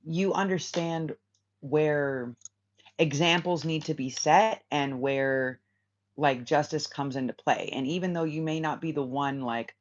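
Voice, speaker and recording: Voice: medium pitch, a little slow. A tarot reader hosting a casual spiritual reading for viewers, rambling and repeating phrases with many fillers. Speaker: tarot reader, channel host. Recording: slightly dull lo-fi sound with faint hiss.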